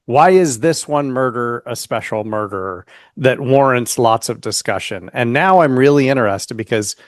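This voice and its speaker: A man's voice: mid-range voice, animated, moderate pace, dry recording, studio quality. A man co-hosting a podcast, chatting casually, asking questions and hedging his points. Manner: questioning, hedging, many "like" fillers. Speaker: podcast co-host.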